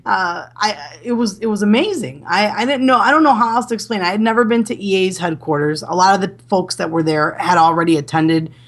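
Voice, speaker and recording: A woman's voice: medium pitch, fairly quick, hardly any pauses. A woman chatting as an interview guest, with many restarts and fillers. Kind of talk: casual interview chat.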